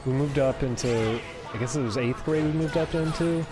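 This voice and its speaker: A man's voice: medium pitch, moderate pace. A young man chatting casually while playing a game, laughing often and mocking people in put-on voices. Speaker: let's play co-commentator. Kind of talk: casual gaming chat. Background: game music.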